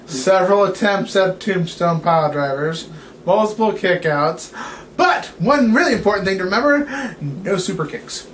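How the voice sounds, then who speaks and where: High-pitched guy joking and cackling through a wrestling chat, bit of background hiss. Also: lively intonation, normal speed, fairly bright tone. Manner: joking, laughs often, jumps in over his co-host. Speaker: wrestling show co-host. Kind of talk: casual chat.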